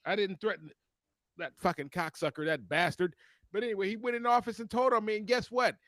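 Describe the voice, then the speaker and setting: Talking briskly, a man with a fairly high voice co-hosts a casual podcast, turning a story into a heated rant packed with cussing. He's animated throughout, and the sound is close and dry with no echo.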